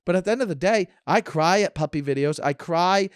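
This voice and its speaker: A man's voice: high-pitched, brisk, clear, resonant tone, no echo, studio quality. A man in his thirties hosting a podcast, sarcastic and joking as he wanders from tangent to tangent in casual chat. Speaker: podcast host. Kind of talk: casual rambling monologue.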